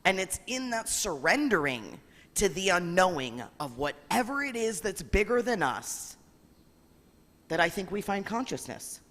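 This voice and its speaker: Animated woman rabbi in long reverb. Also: on the low side, a little slow. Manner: animated and earnest, with bursts of laughter. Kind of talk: spiritual reflection.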